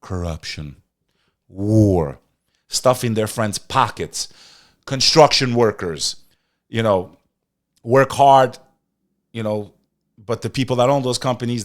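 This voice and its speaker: A man hosting a podcast, ranting in animated news commentary and talking straight to his live chat. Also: mid-range voice. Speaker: podcast host.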